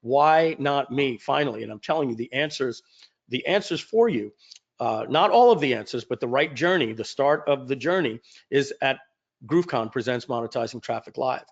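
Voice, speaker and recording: A man's voice: mid-range voice, moderate pace, creaky. A man telling a personal story to his audience as an event speaker and host, acting out the dialogue as he goes. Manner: animated storyteller who acts out dialogue. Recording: dull lo-fi audio.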